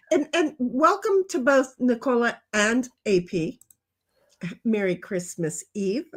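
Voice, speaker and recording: An older woman with a high voice hosts a casual livestream chat. She rambles from one comment to the next. She talks bluntly and swears now and then. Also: slow pace. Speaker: livestream host reading chat.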